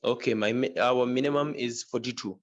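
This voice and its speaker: Shy teenage schoolboy answering. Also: male voice, medium pitch, fairly even intonation, brisk. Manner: shy, hesitant with fillers, polite. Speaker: student.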